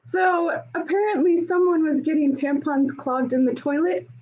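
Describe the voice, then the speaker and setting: Woman, veteran guest, high voice, candid chat, dull lo-fi audio. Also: moderate pace, crowd noise. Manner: candid, laughs often. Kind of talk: casual chat. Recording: dull lo-fi audio with faint noise.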